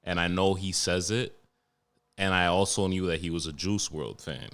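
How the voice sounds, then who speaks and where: A young man from New York hosting a casual podcast chat, telling stories in a profane, animated way. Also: low voice, moderate pace. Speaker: podcast host.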